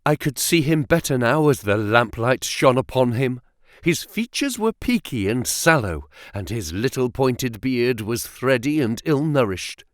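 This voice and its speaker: A man's voice: mid-range voice, big pitch swings, unhurried, dry recording, studio quality. A man narrating an audiobook, telling the story with expression. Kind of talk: scripted narration.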